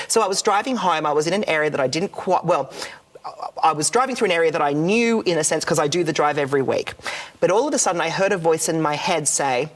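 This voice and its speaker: A man's voice: fairly high pitch, lively intonation, fast talker. A man, a spiritual medium, earnestly telling stories on a talk show and repeating key phrases. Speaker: medium, guest. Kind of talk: conversational storytelling on a talk show.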